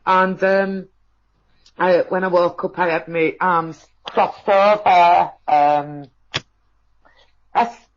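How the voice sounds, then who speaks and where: A woman telling a personal experience, halting with many fillers and restarts. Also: fairly low pitch, steady tone, a little hiss or hum. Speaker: guest. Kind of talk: emotional personal account. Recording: dull lo-fi audio.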